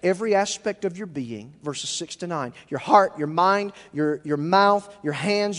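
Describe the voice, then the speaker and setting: A male pastor preaching a sermon emphatically, rising to near-shouts and then dropping low. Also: measured pace, hardly any pauses, long reverb tail.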